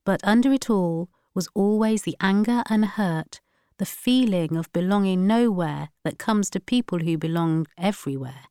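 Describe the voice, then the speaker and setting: Woman reading a story, steady and measured, smooth clear voice, dry close mic. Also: mid-range voice, no echo. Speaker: narrator. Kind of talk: scripted narration.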